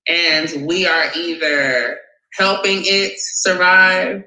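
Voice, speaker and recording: A man hosting a talk show, ranting about politics in an animated, profane, sarcastic way. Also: sits high, slow pace, echoey room, rough recording. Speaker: host. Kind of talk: profane political rant and call-in chat.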